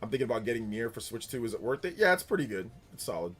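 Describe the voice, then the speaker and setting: A young man hosts a casual livestream and talks in a loose, rambling way. He reads viewer comments aloud and answers them with animated chatter full of filler words. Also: mid-range voice, rapid-fire, soft background music. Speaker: streamer host.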